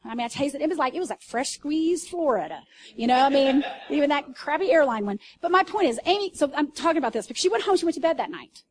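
A woman pastor preaching to a congregation, telling stories in an animated way with loud bursts and asides. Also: sits high, fast. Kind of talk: sermon. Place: church service.

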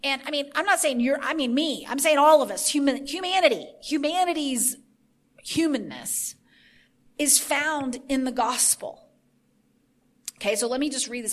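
A woman's voice: high-pitched, moderate pace, fairly bright tone. A woman giving an informal sermon on her podcast, earnest, stacking repeated phrases for emphasis and thinking aloud. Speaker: podcast host teaching the Bible.

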